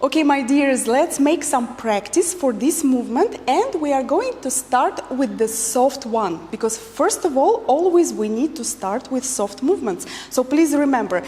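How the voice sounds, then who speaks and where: High, lively woman teaching dance. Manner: counts beats and gives instructions. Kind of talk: instructional dance class. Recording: long reverb with faint music.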